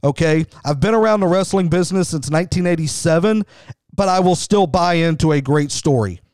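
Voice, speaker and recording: Enthusiastic man with a smooth, clear voice. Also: on the high side, fairly quick, a little mellow, dry recording, studio quality. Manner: enthusiastic, conversational, frequent restarts. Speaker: wrestling show host. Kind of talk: podcast commentary.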